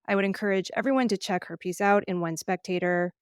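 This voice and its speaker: A middle-aged woman co-hosting a podcast, explaining news in an earnest, measured way. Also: medium pitch, steady tone, smooth, no room sound, studio quality. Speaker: podcast co-host, wine journalist. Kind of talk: casual news podcast chat.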